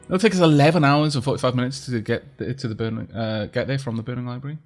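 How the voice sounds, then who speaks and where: A man's voice: medium pitch, quick pace, a little mellow, faint music behind. A man commentating his game stream, rambling and chuckling as he reads chat aloud. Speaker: gaming streamer.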